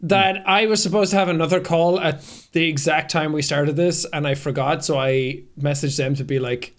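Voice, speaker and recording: A man's voice: a little high, fairly even intonation, moderate pace. A young man co-hosting a podcast, trading crude jokes and laughing in casual chat. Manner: crude jokey banter, laughs a lot. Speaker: podcast co-host.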